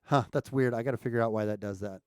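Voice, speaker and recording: A man's voice: medium pitch, fast, a little mellow, smooth, no echo, clean studio sound. A man chatting casually with viewers on a live stream, checking his mic and asking the chat questions as he talks. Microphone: streaming mic at home setup.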